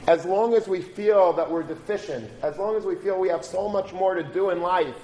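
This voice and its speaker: Male preacher, story-driven sermon, slightly high voice, roomy recording with faint background. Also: moderate pace, slight background noise. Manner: animated storytelling, rising to forceful exhortation.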